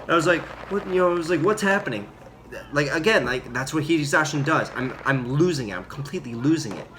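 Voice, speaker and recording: A young man tells his story in a loose, rambling way, stacking up "like" and "um" and jumping into loud quotes. His voice sits a bit on the high side. A steady noise hums behind him. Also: fast talker, poor audio. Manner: rambling, filler-heavy, acts out quotes loudly. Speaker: former Marine telling a story. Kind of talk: casual storytelling vlog. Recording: audible background noise.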